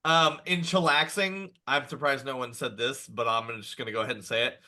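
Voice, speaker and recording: A man's voice: medium pitch, fairly even intonation, brisk, sharp tone. A man co-hosting a casual podcast chat, jokey and giggly. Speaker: podcast co-host.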